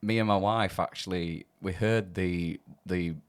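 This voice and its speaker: A man's voice: sits low, steady tone, a little slow. A man with a South Yorkshire accent hosting a podcast, chatty and laughing as he asks questions. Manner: chatty, laughing, friendly interviewer. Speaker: podcast host. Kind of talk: casual chat.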